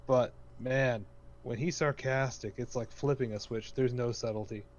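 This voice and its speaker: A man's voice: mid-range voice, steady tone, normal speed. A man on a podcast giving blunt, analytical opinions in casual chat. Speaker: podcast co-host.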